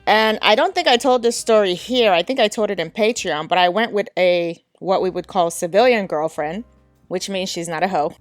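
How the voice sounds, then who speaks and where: A woman's voice: mid-range voice, moderate pace, dry recording, soft background music. A woman podcast host telling a frank, casual story and laughing often.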